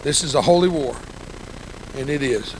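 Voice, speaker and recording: A man's voice: mid-range voice, normal speed, slight background noise, rough recording. An older man, preaching to a congregation as a guest speaker, folksy and self-deprecating as he tells emotional stories full of quoted dialogue. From United States. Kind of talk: storytelling sermon talk.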